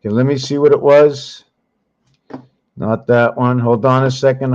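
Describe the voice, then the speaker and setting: A man hosting his own channel, talking viewers through his screen slowly as he searches for things, rambling and correcting himself along the way. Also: medium pitch, fairly even intonation, a little mellow, lo-fi sound. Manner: slow, rambling, searching aloud with many pauses and self-corrections. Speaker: channel host teaching on screen. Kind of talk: thinking-aloud screen walkthrough.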